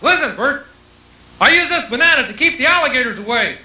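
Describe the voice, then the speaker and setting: A man's voice: very high voice, lively intonation, a little fast, pushed and bright, full character voice. A man voicing Ernie, a cheerful and silly male puppet. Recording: clip replayed in an echoey room.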